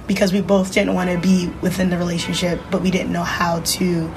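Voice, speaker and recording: A woman's voice: on the low side, level tone, fairly quick, noisy background. A woman from New Jersey, a writer and poet, telling a personal story candidly and emotionally as a podcast guest, with some casual swearing.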